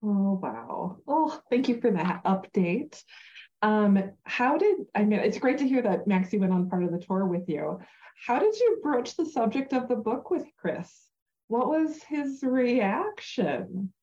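A woman hosting an interview, asking the guest questions and reacting with quick exclamations. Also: mid-range voice, animated, dark tone. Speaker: interview host. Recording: dull lo-fi audio.

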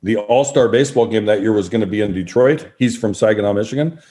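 A middle-aged man, a former sports broadcaster, telling relaxed anecdotes as a podcast guest and acting out quotes. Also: lowish voice, fast. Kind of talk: storytelling in a podcast interview.

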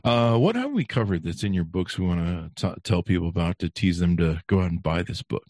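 A man in his fifties hosting a podcast, chatting casually with a guest, halting and repeating words as he thinks. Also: sits low, animated, a little mellow, dry recording, studio quality. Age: 50s. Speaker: podcast host. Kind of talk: casual interview chat.

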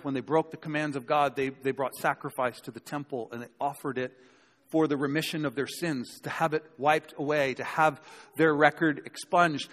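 A man's voice: on the high side, fairly bright tone. A male pastor preaching a sermon to a live congregation, talking conversationally, with emphatic points and rhetorical questions. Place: church sanctuary before a live congregation. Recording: long hall reverb.

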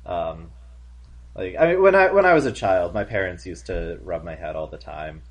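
Amused man with a lively voice. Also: low voice, moderate pace. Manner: amused, laughs often, joking. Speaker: podcast co-host. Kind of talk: casual chat.

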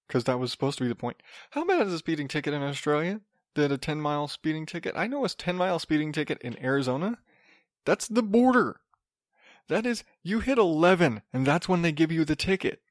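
Brief: higher-voiced male podcaster, rambling and wry, dry close sound. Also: dry recording. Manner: rambling, repeats and restarts words, sarcastic asides. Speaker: podcast host. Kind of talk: casual solo podcast monologue.

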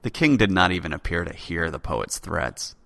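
A man narrates an old legend in a dramatic read-aloud style. His voice sits low but sounds bright and crisp, recorded close and dry with no room echo. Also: big pitch swings, normal speed. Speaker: podcast host narrator. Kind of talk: storytelling narration.

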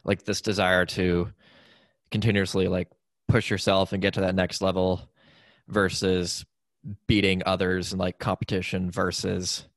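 A man's voice: deep voice, completely flat delivery, a little slow, dry recording. A man interviewing a guest, asking probing questions and giving short attentive replies.

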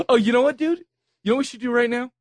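A man's voice: extremely high pitch, dry recording. A man co-hosting a podcast in casual chat, laughing often and teasing his co-host.

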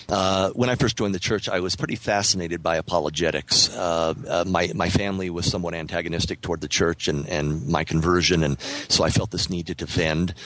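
A man talking through ideas in a casual podcast conversation, measured and thoughtful, with many fillers and restarts. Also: deep voice, fairly bright tone, rough recording. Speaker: author guest on a podcast.

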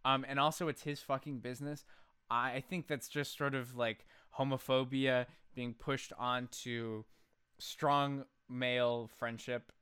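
A man chats on a podcast in a rambling, heartfelt way, full of "like" and restarts. His voice is bright and clear, slightly high. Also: little pitch movement, a little slow. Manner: rambling, emotional, crude jokes. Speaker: podcast co-host. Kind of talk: casual chat.

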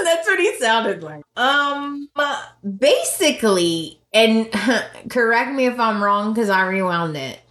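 Woman podcast cohost, slow drawn-out talk, kinda high voice, echoey room. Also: big pitch swings, fairly bright tone. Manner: slow, emphatic, laughs often. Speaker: podcast co-host. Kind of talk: casual chat recapping a soap opera.

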